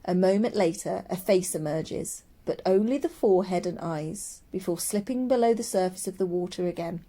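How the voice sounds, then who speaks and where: A woman narrating a children's audiobook in a steady storytelling voice. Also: lowish voice, moderate pace.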